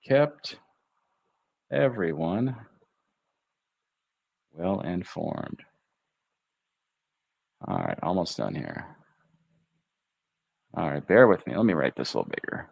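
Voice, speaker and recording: Slow-spoken American man teaching pronunciation. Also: low voice, very animated, vocal fry, slightly rough, no echo. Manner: slow, drawn-out enunciation of syllables; chatty, thinks aloud while writing. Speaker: English tutor. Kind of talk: livestream pronunciation lesson.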